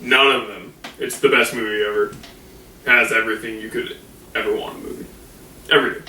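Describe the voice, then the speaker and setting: A man's voice: fairly low pitch, steady tone, fairly quick, pushed and bright. A man co-hosting a casual podcast chat, emphatic and repeating his points. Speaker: podcast co-host. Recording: echoey room, distant mic, clear background noise.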